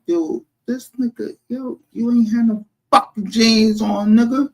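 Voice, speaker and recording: A man's voice: sits high, takes it slowly, hardly any pauses. A man streaming a casual, profane rant, heated and defensive.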